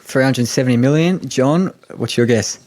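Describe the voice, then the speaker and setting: A man's voice: medium pitch, normal speed, a little mellow. A man with an Australian accent hosting a podcast, asking questions and running a quiz in a chatty, easygoing way. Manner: easygoing, chatty, hesitant fillers. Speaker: podcast host.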